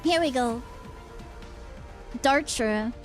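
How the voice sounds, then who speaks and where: A woman's voice: high voice, very slow, soft background music. A woman streamer chatting casually and teasingly, rambling with lots of fillers as she talks to her chat. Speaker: VTuber streamer.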